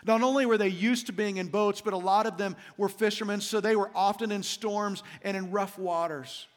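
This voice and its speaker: A middle-aged man, a senior pastor, giving a Christmas sermon and telling stories, slowing down to stress scripture. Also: sits high, fairly even intonation. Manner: storytelling, slows down for emphasis on scripture. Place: large church auditorium. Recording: reverberant church hall.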